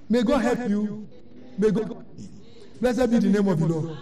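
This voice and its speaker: A man's voice: high voice, normal speed, pauses often, dark tone, recorded from a distance. A man preaching a sermon in a church hall, fervent and often breaking in with praise and blessings.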